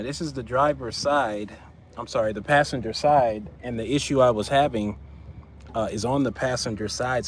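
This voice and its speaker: A man's voice: medium pitch, a little hiss or hum. A man chatting casually on a livestream while he works on a car as a part-time mobile mechanic, repeating himself for emphasis.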